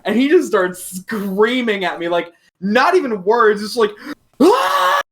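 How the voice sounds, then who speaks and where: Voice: medium pitch, animated, moderate pace. A guest on a podcast telling a workplace story casually, laughing and swearing often. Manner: laughing, swearing anecdote teller.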